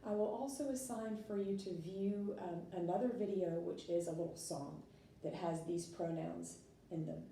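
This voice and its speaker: A woman's voice: on the low side, moderate pace, dark tone. Woman teaching in an echoey room. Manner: patient, explains step by step with fillers. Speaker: French teacher. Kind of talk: recorded classroom lesson. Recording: echoey room, distant mic, faint noise.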